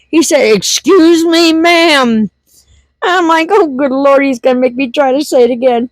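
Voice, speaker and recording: A woman's voice: high voice, slow, no room sound. A middle-aged woman telling a funny story in a casual vlog, laughing through it and repeating herself. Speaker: homestead vlogger.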